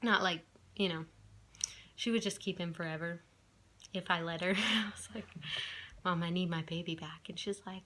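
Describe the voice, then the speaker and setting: A woman's voice: fairly low pitch, fairly even intonation, normal speed, pauses often, a bit bright. A young woman telling a personal story to her camera in a chatty way, with many fillers and restarts. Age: young adult. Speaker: vlogger.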